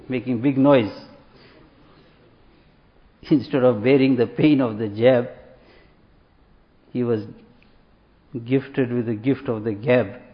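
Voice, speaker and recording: A man giving a sermon, telling a parable and acting out the voices of the people in it. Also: mid-range voice. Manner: storytelling, acts out quoted voices. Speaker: religious speaker. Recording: echoey hall, dull lo-fi sound.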